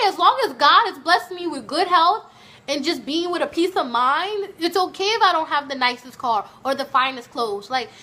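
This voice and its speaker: A young woman telling a casual storytime to her viewers, chatty and animated, calling them y'all. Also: high voice. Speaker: vlogger.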